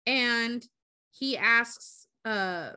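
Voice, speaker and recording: A woman's voice: fairly high pitch, extremely slow, clean tone. A young woman podcast co-host retelling a movie plot in casual, profane chat. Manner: profane, animated storytelling.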